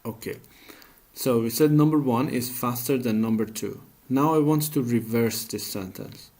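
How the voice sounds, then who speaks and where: A patient English teacher gives a grammar lesson, posing questions and then answering them himself. His voice is medium-pitched and slightly mellow, and he talks at a normal speed.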